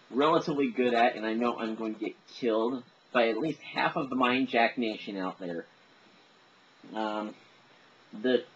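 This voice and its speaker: A man's voice: mid-range voice, fairly bright tone. A man chatting casually as he demonstrates his voices, rambling and self-deprecating. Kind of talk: casual chat to camera. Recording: dull lo-fi recording with faint noise.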